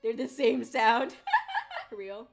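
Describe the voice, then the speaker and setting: A young woman chatting casually on a livestream, rambling and giggly with bursts of excitement. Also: a little high, extremely slow, creaky, faint music behind. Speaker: VTuber streamer.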